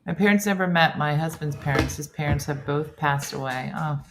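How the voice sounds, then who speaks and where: A woman's voice: sits low, a little fast, creaky, a little hiss or hum. A middle-aged woman hosting a casual morning show, reading viewer comments and reacting with chatty asides. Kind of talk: casual chat.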